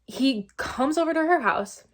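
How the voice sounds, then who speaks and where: A woman's voice: high voice, animated, unhurried. A woman vlogging a casual book review, exasperated and sarcastic, repeating herself for emphasis.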